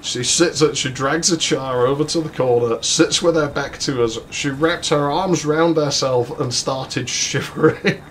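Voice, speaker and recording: A man's voice: fairly high pitch, a little slow, few pauses, a bit bright, a little hiss or hum. Rambling, sweary man. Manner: rambling, sweary, chuckling between lines. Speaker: let's play host. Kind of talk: casual storytelling while playing a game.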